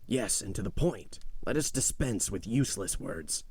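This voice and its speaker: A man's voice: lowish voice, animated, normal speed, husky. A man reading a wily, scheming young prisoner in an audiobook, speaking urgently. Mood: defiant. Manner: urgent hushed pleading.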